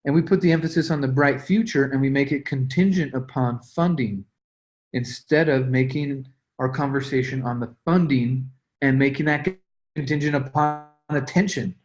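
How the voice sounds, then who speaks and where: A man's voice: mid-range voice, normal speed, darkish tone. A young man leading a sales team call, coaching with energy and acting out his own calls and texts. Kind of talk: motivational sales coaching talk.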